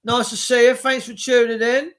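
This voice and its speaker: High-voiced man rambling on a live stream. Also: level tone, moderate pace, fairly bright tone. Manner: rambling, swearing, greets viewers by name. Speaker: livestream host.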